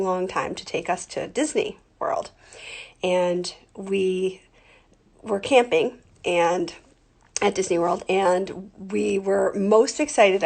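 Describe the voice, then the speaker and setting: A woman teacher telling a funny story to her class in a chatty, animated way, with plenty of ums. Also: medium pitch, vocal fry. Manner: chatty, animated, many fillers. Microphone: computer mic on a screen recording.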